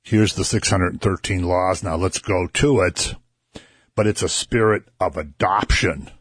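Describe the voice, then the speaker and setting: Deep, husky male radio host. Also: measured pace, no room sound, clean studio sound. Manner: earnest, explanatory, builds emphasis. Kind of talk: conversational Bible teaching.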